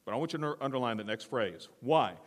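A male pastor preaching a theatrical, animated sermon, often questioning the congregation. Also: medium pitch, fairly quick, in a large hall.

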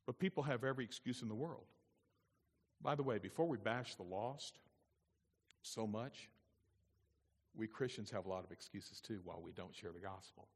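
A man's voice: on the low side, normal speed, long pauses. Preaching man in an echoing church. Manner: preaching with rising, emphatic exhortation and repetition. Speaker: pastor. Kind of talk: sermon. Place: church sanctuary. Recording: long reverb in a church hall.

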